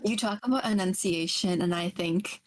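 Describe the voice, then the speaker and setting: A woman's voice: fairly low pitch, normal speed. Woman enunciating carefully in casual chat. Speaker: podcast co-host.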